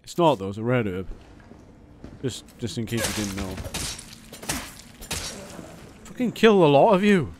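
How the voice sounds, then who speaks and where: A man giving gameplay commentary as a let's play host; he is excitable and jokey and swears a lot. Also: mid-range voice, a little slow, long pauses, noisy background.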